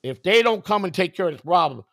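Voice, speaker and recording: A man hosting a stream over a video call, telling stories in a loose, animated, foul-mouthed way. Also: high-pitched, quick pace, vocal fry, no echo, clean studio sound. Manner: animated storytelling, heavy swearing, mimics a pleading neighbor. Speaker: stream host. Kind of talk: casual profane chat on a video call.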